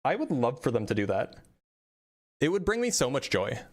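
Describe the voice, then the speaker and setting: A man hosting a live stream who chats casually and jumps into questions quickly. His pitch sits in the middle of the range. He restarts sentences often and pokes fun at himself. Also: wildly swooping pitch. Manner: quick, chatty, self-deprecating, restarts often. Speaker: debate stream host.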